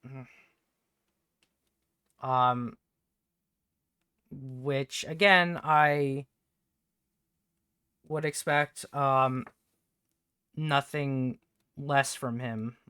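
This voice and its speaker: Bright, crisp-voiced man rambling on stream. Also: medium pitch, steady tone, dry recording, studio quality. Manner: rambling, halting, swears often. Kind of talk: casual livestream chat. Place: at home with a TV on.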